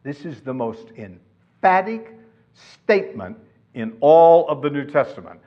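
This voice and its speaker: A man's voice: medium pitch, lively intonation, normal speed. A man preaching a sermon, emphatic and asking his listeners questions. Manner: emphatic, asks the congregation questions. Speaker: pastor. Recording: dull lo-fi sound.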